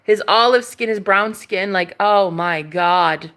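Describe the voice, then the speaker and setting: A woman vlogger telling a casual story, excitable and gushing, laughing often. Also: medium pitch, slow pace. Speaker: tarot reader vlogger.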